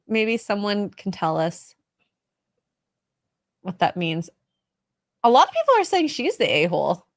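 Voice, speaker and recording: A woman co-hosting a casual podcast chat, jokey and animated, often slipping into quick mock voices. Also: mid-range voice, no room sound. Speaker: co-host.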